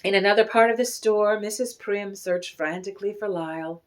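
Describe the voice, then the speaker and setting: A woman reading a children's picture book aloud with expressive, animated storytelling. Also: mid-range voice, brisk, few pauses.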